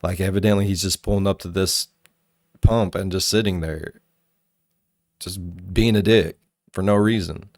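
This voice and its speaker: A man hosting a reaction video, telling rambling, profane stories in a casual, animated way. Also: deep voice, a little slow, pauses often, dry recording, clean studio sound. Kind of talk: casual storytelling commentary.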